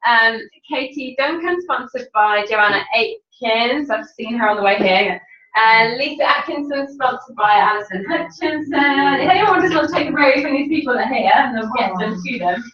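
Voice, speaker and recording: A woman presenting team recognitions at a sales meeting, bubbly and quick to laugh. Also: fairly high pitch, animated. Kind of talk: announcing awards at a meeting. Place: training room with audience. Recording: distant echoey room mic, dull.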